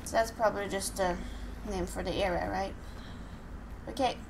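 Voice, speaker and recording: A woman's voice: mid-range voice, steady tone, moderate pace, gravelly, slight background noise, low-quality recording. A woman from Norway with a Norwegian accent, chatting casually through a game and startling easily. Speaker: let's play host. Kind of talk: casual gameplay commentary.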